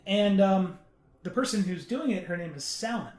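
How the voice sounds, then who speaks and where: A man in casual podcast chat, explaining earnestly with halting, restarting sentences. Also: sits high, animated, darkish tone. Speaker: podcast panelist. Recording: roomy echo.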